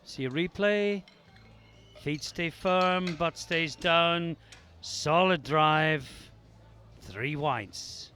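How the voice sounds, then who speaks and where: High-voiced, unhurried male sports commentator. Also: slight background noise. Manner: measured, calm play-by-play. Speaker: powerlifting commentator.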